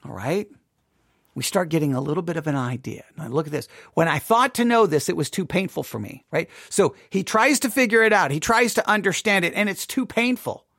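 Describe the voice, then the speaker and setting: Brisk and expressive, this Bible teacher has a voice on the high side that's creaky and a bit bright. During a devotional study he reads scripture, explains it in a chatty way, and sometimes dramatizes the voices of the proud and the doubter. It's a studio-quality recording with no room sound.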